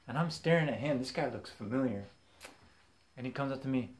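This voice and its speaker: A young man casually telling funny stories from his childhood, animated and quick to laugh. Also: medium pitch. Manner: animated, acts out voices in quotes, laughs often. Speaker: vlogger. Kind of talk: casual storytelling.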